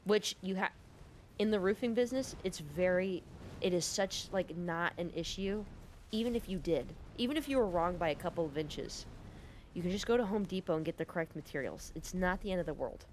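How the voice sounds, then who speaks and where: A woman's voice: lowish voice, animated, fairly quick, a little mellow, a little hiss or hum. Profane rambling woman gamer storyteller. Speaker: gaming video creator. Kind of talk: casual storytelling over gameplay.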